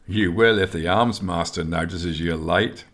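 A man's voice: low voice, measured pace, a bit bright. A man voicing an easygoing, good-humoured young male novice. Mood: amused.

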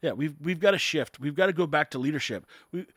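Man from the united states, business owner, casual political rant, emphatic, raised pitch, dead dry sound. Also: fast talker, fairly bright tone, breathy edge, no room sound. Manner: blunt, exasperated, emphatic.

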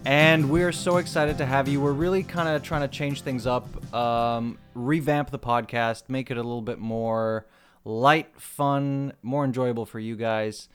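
A young man co-hosting a podcast, chatting casually and telling stories with quick asides. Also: mid-range voice, steady tone, smooth, faint music behind. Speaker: podcast co-host.

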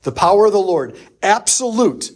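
A man preaching a sermon, telling a personal story with lively acted-out quotes. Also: high voice, moderate pace. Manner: animated storyteller who acts out quoted voices. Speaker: priest.

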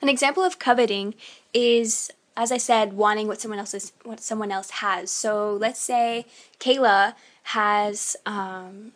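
A woman's voice: medium pitch, fairly even intonation, measured pace. A woman co-hosting a faith podcast, carefully explaining scripture terms with dictionary definitions and everyday examples. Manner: careful, reads dictionary definitions aloud, uses fillers. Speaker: podcast co-host. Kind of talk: explaining Bible verses on a podcast.

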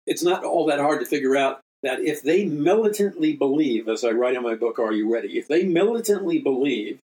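A man's voice: mid-range voice, expressive, fairly quick, darkish tone, poor audio. A man, a minister and radio host, reading from his own book and adding earnest, emphatic commentary with frequent restarts.

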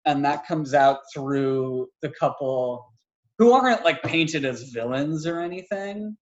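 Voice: medium pitch, slow, lo-fi sound. A podcast co-host in a casual film review chat, rambling with lots of filler words and frequent laughs.

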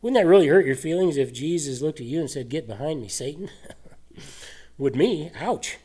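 A man preaching a sermon, animated and full of rhetorical questions and scoffing laughs. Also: a little high, normal speed, husky. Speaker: pastor.

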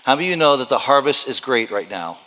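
A pastor preaching a sermon, repeating phrases as he builds to loud, urgent high points. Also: sing-song, fast talker, in a large hall.

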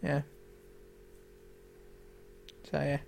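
A man's voice: extremely slow, darkish tone. A man co-hosting a casual podcast chat, hesitant, with many fillers. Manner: hesitant, lots of uh and um. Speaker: podcast co-host.

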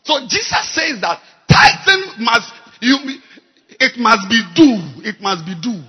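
A male pastor preaching a sermon, shouting and exhorting the congregation with a husky voice. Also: very high-pitched, sing-song, takes it slowly. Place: church service. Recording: echoey church hall, crowd faint.

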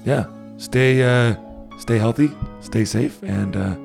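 A man's voice: medium pitch, slow pace, gravelly, music in the background. A man co-hosting a casual podcast, easygoing and stammering a little when he restarts. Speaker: podcast co-host. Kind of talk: casual chat.

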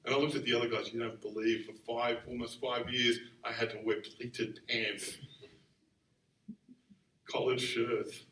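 A man preaching a sermon in a conversational, animated way, acting out the quotes he tells. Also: medium pitch, measured pace, long pauses. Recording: roomy sound from far off the mic.

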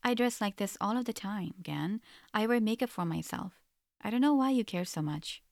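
Lightly acting, a woman voices an anxious young wife who comes across as defensive, pitching above her natural voice. Her medium-pitched delivery has lively intonation at a moderate pace, with a darkish tone on a dry, studio-quality recording.

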